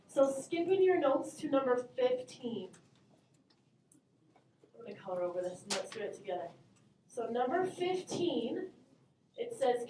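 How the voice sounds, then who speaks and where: A woman teaching math to a classroom in a high, bright voice, upbeat and encouraging as she calls on students. She sounds far from the mic, her voice bouncing around an echoey room with faint class murmur behind her. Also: a little hiss or hum.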